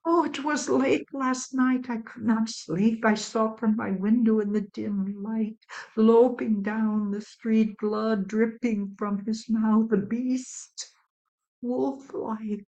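A woman voicing a frightened old townswoman, breathless and halting as she tells what she saw. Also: on the high side, fairly even intonation, mellow, dull audio, pitched above the performer's own voice. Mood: fearful. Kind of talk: storytelling.

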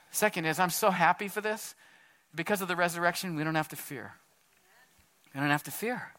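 High, bright-voiced male pastor preaching. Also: a little fast, long pauses. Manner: casual, earnest preaching, says "man" often. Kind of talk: sermon.

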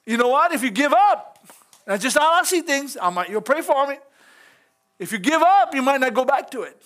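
High-voiced man preaching a folksy sermon. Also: big pitch swings, moderate pace, a bit bright. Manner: folksy, chuckling, talks straight to the congregation. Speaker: pastor. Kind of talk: informal sermon. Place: church.

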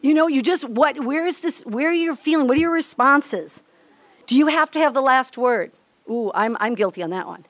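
Older Midwestern woman, high and bright, candid devotional speaker, dry close sound. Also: normal speed, dry recording. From Minnesota. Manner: chatty, candid, laughs often, acts out little scenes. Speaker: women's ministry speaker. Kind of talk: devotional teaching talk.

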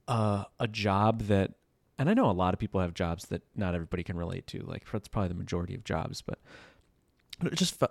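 A man's voice: low-pitched, darkish tone, no room sound. A man in his thirties talking casually in a loose, rambling monologue, full of "like" and "you know", as a podcast host.

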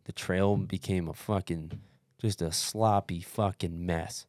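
Low, dry-sounding man spinning a profane, animated story in casual chat. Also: slow pace, dry recording. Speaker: podcast co-host telling a race story.

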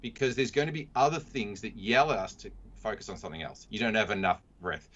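A man's voice: lowish voice, quick pace, fairly bright tone. A man, a mindset consultant, telling a story in casual conversation and acting out the quotes in a raised voice. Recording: dull lo-fi sound.

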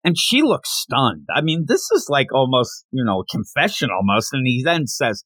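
A man talking through a comic chapter on his podcast in a loose, chatty way, full of slang and asides. He reads the characters' lines aloud as he goes. His voice sits at an ordinary middle pitch, and the recording is close and dry. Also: big pitch swings, moderate pace, few pauses, a bit bright, dry recording. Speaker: podcast host. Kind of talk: casual manga recap podcast.

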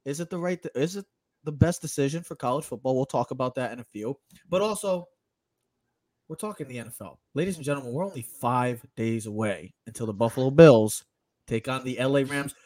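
A man co-hosting a casual sports podcast, talking in an excited, rambling way. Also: mid-range voice, brisk. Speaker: podcast co-host.

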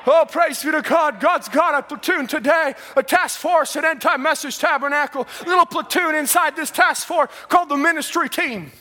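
A man preaching a fervent sermon in church, shouting praise and swinging between loud and soft. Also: very high-pitched, moderate pace, hardly any pauses, long reverb tail. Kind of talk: pentecostal sermon. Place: church sanctuary.

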